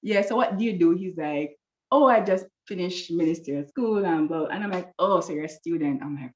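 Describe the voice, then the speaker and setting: A woman telling a lively personal story, acting out the voices of people she quotes, with a slightly dull recording. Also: lowish voice, fairly quick. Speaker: guest telling her love story. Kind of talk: animated storytelling.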